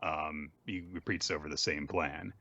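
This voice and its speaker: A man casually recapping manga chapters on a podcast, often jumping into quick voiced lines. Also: very deep voice, steady tone, creaky, pushed and bright, dull audio, a little hiss or hum. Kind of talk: casual chat.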